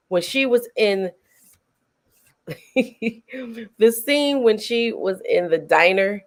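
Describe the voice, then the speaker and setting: A middle-aged woman hosting a casual film review chat, retelling scenes with animated energy and frequent laughter. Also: medium pitch. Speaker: host.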